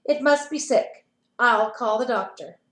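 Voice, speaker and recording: A blustering school principal, read by a woman barks orders in a commanding way. The voice sits high and echoes around the room. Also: unhurried, close to an everyday voice. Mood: bossy. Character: bossy male school principal.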